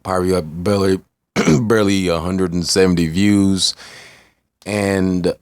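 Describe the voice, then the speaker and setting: Man, very low voice, dry close sound, rambling casual vlog, profane. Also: no room sound. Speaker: vlogger.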